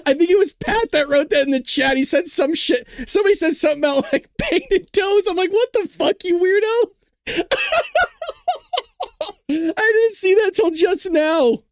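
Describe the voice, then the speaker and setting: A woman's voice: very high-pitched, moderate pace, no echo, clean studio sound. A woman co-hosting a podcast in casual chat, giggly and profane, laughing as she talks.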